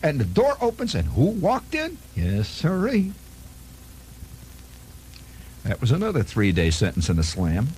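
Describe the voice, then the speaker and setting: Lively, animated male radio storyteller. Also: medium pitch, normal speed, a little hiss or hum. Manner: animated, conversational, chuckling asides. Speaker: radio host. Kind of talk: spontaneous storytelling monologue. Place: radio studio.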